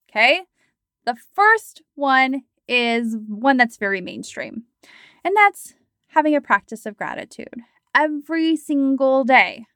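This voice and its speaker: A woman in her thirties, a coach, talking in a chatty, animated podcast monologue full of fillers. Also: a little high, no echo, studio quality.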